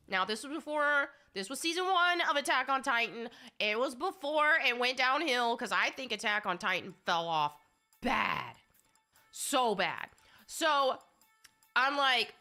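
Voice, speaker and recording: A woman's voice: mid-range voice, expressive, moderate pace, sharp tone, faint music behind. A woman gaming streamer with a cold, chatting casually in a rambling, candid way while she plays. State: has a cold.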